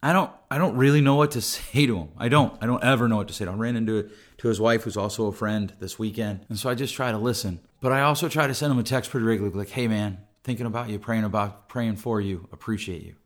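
A middle-aged man delivers a podcast monologue, earnest and conversational, frequently restarting his sentences. His pitch is medium and he races along with few pauses.

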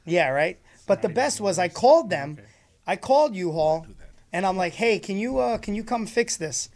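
A man's voice: sits high, expressive, moderate pace, darkish tone. A man telling a funny story in casual conversation, acting out both sides of the exchange and laughing often as he talks.

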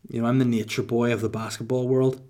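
A Northern Irish man in his thirties hosts a casual Q&A, joking along in a mock-boastful, deadpan way. His voice sits at a middling pitch for a man. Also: fast. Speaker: host answering listener questions. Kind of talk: casual comedic Q&A chat.

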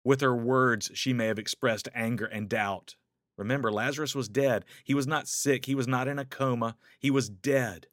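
A man preaching a sermon, rising into urgent questions and dropping to hushed, slow lines. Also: mid-range voice, steady tone, dry recording, clean studio sound. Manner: dramatic swings between raised urgent questions and soft hushed lines.

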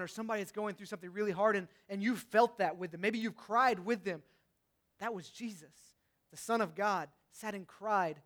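A young man preaching a sermon, swinging between passionate, louder outbursts and hushed, reflective moments. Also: high-pitched.

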